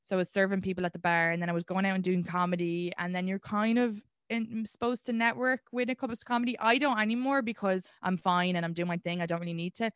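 A young Irish woman in casual conversation, chatty and candid, slipping into lively voices when she tells a story. Her voice sits mid-range for a woman and is recorded close and dry. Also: mid-range voice, fast, hardly any pauses, clear, resonant tone, dry recording. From Ireland. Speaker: guest, comedian.

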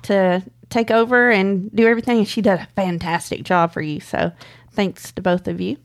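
A woman's voice: medium pitch, moderate pace. Laughing, chatty woman. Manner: chatty, laughs often, animated storytelling. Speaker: co-host of a live stream. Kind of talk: casual chat with viewers.

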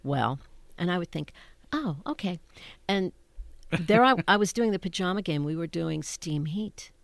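An older woman, a stage actress, telling funny backstage stories in an animated, laughing way that keeps interrupting itself. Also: on the low side, moderate pace, creaky, no room sound. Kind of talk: anecdotal storytelling.

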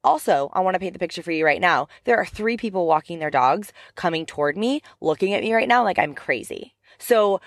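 Raspy-voiced woman, upbeat podcast coach. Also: lowish voice, lively intonation, fairly quick, few pauses, no room sound, studio quality. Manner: upbeat, chatty, motivational. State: raspy from the end of a cough. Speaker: podcast host and life coach. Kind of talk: energetic motivational podcast talk. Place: parked car. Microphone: headphones with mic.

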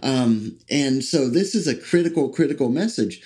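A man preaching a sermon, speaking haltingly with many fillers and restarts and slowing down to read scripture aloud. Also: medium pitch, expressive, dark tone.

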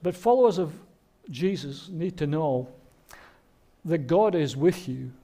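Male pastor, fairly high voice, earnest sermon delivery. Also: animated, measured pace. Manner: earnest, warm preaching with rhetorical questions. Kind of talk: Christmas sermon.

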